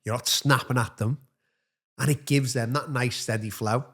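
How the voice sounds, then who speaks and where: A man co-hosts a podcast in casual chat. His voice sits at a middle pitch. He reflects aloud in a rambling way, full of fillers. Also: steady tone, normal speed, fairly bright tone. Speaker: podcast co-host.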